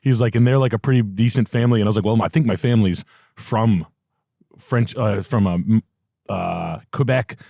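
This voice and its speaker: A man's voice: on the low side, normal speed, gravelly, warm tone, no echo. Man telling crude rambling stories, dry close mic. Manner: crude, rambling storytelling with vulgar jokes. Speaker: podcast host. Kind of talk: casual podcast chat. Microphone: studio podcast mic on an arm.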